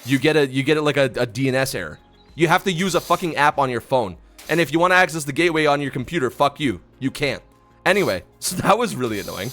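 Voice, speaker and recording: A young man streaming live, telling stories in a casual, profane, ranting way. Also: mid-range voice. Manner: profane, ranting, animated storytelling.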